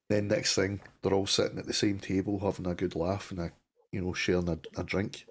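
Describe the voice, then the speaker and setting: A middle-aged man with a Glasgow-area Scottish accent, chatting on a live stream. His voice sits very low and sounds husky. He tells long stories with many restarts and plenty of swearing. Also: flat delivery, brisk. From Scotland, Clydebank near Glasgow. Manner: storytelling, swears freely, restarts a lot. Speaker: co-host. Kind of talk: casual chat on a live stream.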